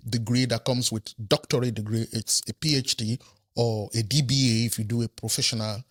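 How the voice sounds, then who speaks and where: A male professor from Nigeria speaks as a podcast guest in a studio. His mid-pitched voice stays measured as he explains his points, often pausing to check in with the host. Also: steady tone. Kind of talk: conversational interview.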